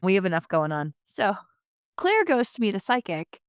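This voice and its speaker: A chatty woman with a New Jersey accent recaps an episode on her podcast, sarcastic and full of asides. Her voice is smooth and clear, and the close mic sounds completely dry. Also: mid-range voice, sing-song, normal speed, dry recording. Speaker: podcast host. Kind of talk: casual episode recap chat.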